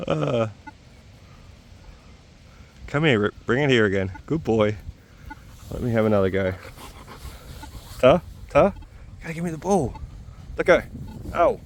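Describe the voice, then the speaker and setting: An excitable man, chatting away in casual vlog commentary. He is out on a farm, talking through his finds with a lot of enthusiasm and frequent exclamations. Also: medium pitch, slow, gravelly, pauses often, slight background noise. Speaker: metal detecting vlogger. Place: outdoors on a farm.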